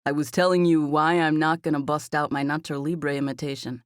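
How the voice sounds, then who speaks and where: A woman voicing a playful, confident young man who jokes around in a relaxed, teasing way, in a slightly lower version of her own voice. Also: a little fast, no echo, studio quality, close to an everyday voice. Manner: teasing, relaxed, self-assured.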